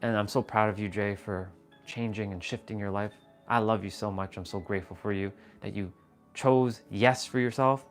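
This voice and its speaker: A man voicing his former lawyer coworker, an earnest and insistent male friend who speaks softly and swears when he pushes. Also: mid-range voice, a little slow, soft background music, natural voice. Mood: tender.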